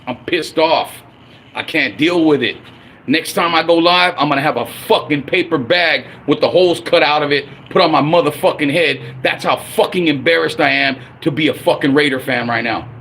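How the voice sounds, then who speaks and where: A man's voice: on the high side, fairly quick, vocal fry, hardly any pauses, a bit bright, slight background noise. A man in his forties ranting angrily and profanely as a fan on his own livestream. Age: 40s. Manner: angry, profane, blunt. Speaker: livestream host.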